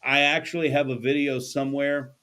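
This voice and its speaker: A man's voice: mid-range voice, little pitch movement, fairly quick, bright, forceful tone, clean tone. A male podcast host chatting casually in a studio. His talk is loose and laid-back, peppered with swearing and frequent laughs. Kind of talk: casual chat.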